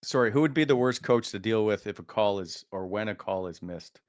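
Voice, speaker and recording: Low-voiced co-host, dry sound. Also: male voice, a little fast, dry recording. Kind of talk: casual interview questions.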